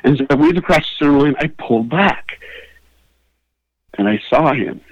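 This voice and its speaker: Man, comedian, comic storytelling, swooping lively pitch, dry dull lo-fi sound. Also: normal speed, no echo. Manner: animated, builds to high excited peaks. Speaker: comedian guest.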